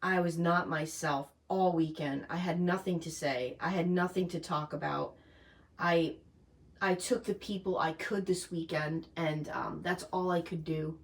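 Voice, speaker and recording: A woman's voice: on the low side, steady tone, a little slow. A middle-aged woman chatting on a live stream, rambling and emotional, with many fillers and restarts. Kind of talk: casual live-stream chat.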